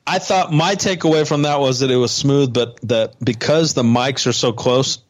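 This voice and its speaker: A man's voice: medium pitch, moderate pace. Man co-hosting a chatty podcast. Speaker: podcast co-host. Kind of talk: casual chat.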